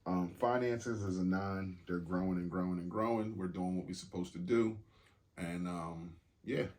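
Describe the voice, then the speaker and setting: Very low-voiced laid-back male podcast host. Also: normal speed, a little mellow. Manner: laid-back, joking, swears casually. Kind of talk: casual chat.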